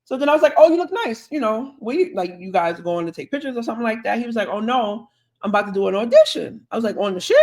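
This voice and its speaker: Podcast co-host, casual storyteller, chatty, mid-range voice. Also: mid-range voice. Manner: chatty, drawn-out anecdote with quoted dialogue.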